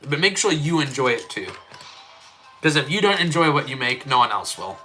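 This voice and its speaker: A man's voice: mid-range voice, very animated, moderate pace, bright, forceful tone, soft background music. A man with an Australian accent chatting casually on a live stream while building Lego and reading chat, rambling with many fillers.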